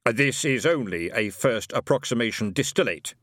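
A man voicing a kindly, measured talking computer that speaks evenly and precisely. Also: medium pitch, no room sound, studio quality. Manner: even and precise.

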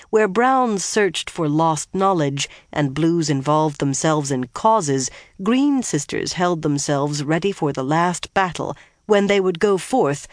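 A steady audiobook narrator reads a fantasy novel with an even, unhurried delivery. The voice sits mid-pitch, neither high nor low. The booth is dead and dry, with no room echo.

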